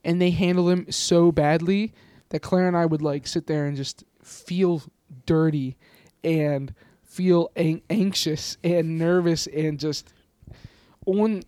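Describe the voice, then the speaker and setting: A man's voice: fairly high pitch, fairly even intonation, slow pace, dark tone, dry recording, studio quality. A young man co-hosting a podcast, chatting casually and rambling through stories with frequent laughs. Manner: rambling, laughs often, loose storytelling. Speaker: podcast co-host. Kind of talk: casual chat.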